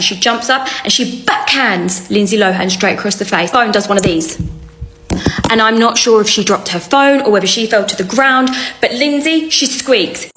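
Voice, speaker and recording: A woman telling a comic story to camera in a wry, sarcastic, animated way. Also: on the high side. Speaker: storyteller vlogger.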